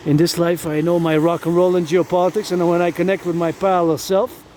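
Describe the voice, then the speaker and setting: A vlogger walks up a mountain in the rain, rambling and repeating himself and sometimes bursting into chants. His voice sits high, with a level tone, a brisk pace, and a slightly mellow quality. There's slight background noise.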